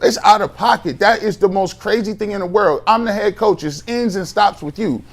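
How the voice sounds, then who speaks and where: A man's voice: sits high, moderate pace. A man co-hosting a sports talk show, arguing his point with heat, emphatic and repeating himself as he builds his case. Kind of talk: heated sports talk debate.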